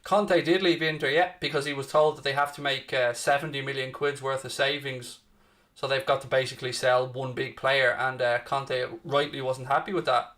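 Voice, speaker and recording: A man's voice: medium pitch, steady tone, moderate pace, a bit bright. A man hosting a football watchalong, calling the play and casually answering viewers' chat messages. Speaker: watchalong host. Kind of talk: casual match commentary and chat.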